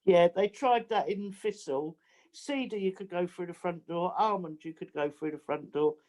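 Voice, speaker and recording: Woman, blunt, mellow voice. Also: lowish voice, moderate pace. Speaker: guest. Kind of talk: casual discussion.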